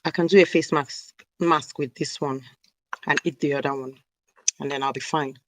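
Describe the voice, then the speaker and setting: A hair care vlogger from South South Nigeria chats casually on a live stream, rambling and snacking while she talks. Her voice is deep and steady at a normal speed. The camera mic delivers poor audio.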